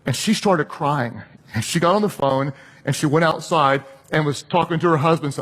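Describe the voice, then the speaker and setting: Man, preacher, high voice, chatty storytelling sermon, acts out the people he quotes. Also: normal speed, fairly bright tone. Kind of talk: sermon illustration.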